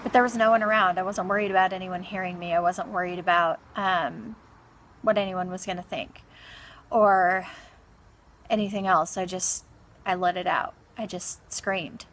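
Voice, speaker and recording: A grieving woman recounting a personal experience in a halting, soft-spoken monologue full of pauses and restarts. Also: fairly low pitch, fairly even intonation. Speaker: vlogger.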